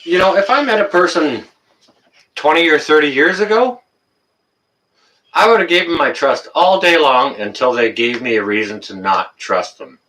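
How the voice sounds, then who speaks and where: A man chatting casually on a livestream, his voice swinging up and down as he rants and then calms to apologize. His tone is bright and sharp. He sits a little back from the microphone. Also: fairly high pitch, normal speed, recorded from a distance. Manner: ranting, gets worked up then apologizes. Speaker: livestream host reading viewer comments.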